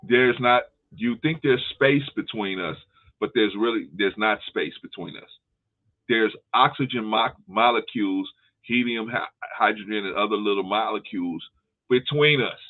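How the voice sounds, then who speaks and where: A man with a fairly low voice hosts a casual discussion. He explains at length with everyday analogies and often stops to restart a phrase. His voice comes through a narrow, tinny phone line. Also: normal speed. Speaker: host.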